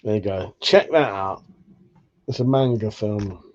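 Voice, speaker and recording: A man's voice: fairly low pitch, measured pace, lo-fi sound. A man hosting a casual live chat stream, laid-back and tired, who swears freely as he chats to viewers. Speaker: livestream host.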